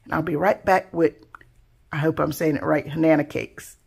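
A woman's voice: low-pitched, steady tone, moderate pace, gravelly, breathy edge. A woman hosting a craft channel, chatting casually and admiringly as she unboxes handmade gifts. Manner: soft-spoken, gushing, admiring.

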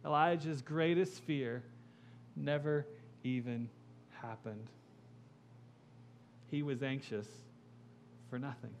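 A male pastor delivering an impassioned sermon, building to loud emphatic peaks and dropping quiet. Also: medium pitch, fairly even intonation, slow pace, pauses often, a little hiss or hum.

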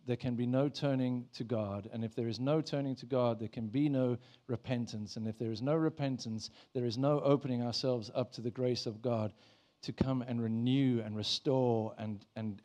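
Man, pastor, sermon, conversational, frequent restarts, middle pitch. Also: moderate pace, dark tone. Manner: conversational, with acted prayers and repeated restarts. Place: church.

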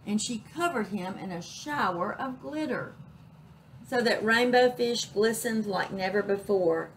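Slow, expressive woman reading a children's story. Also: mid-range voice, slight background noise, poor audio. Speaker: children's librarian reading aloud. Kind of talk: children's story read-aloud.

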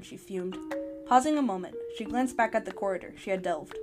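Casting: podcast storyteller, eager and friendly, mid-pitched, music bed behind. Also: female voice, expressive, fairly quick. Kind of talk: storybook narration.

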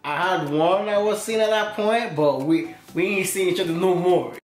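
Man, higher voice, laid-back joking chat, echoey room, faint music. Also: moderate pace. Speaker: vlogger. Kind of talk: casual couple chat.

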